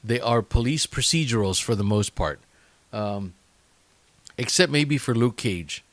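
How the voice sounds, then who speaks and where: Male podcast host, mid-range voice, halting and chatty delivery, dry recording. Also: mid-range voice, lively intonation, no echo. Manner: halting, many fillers and restarts; chatty and enthusiastic. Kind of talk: casual solo podcast talk.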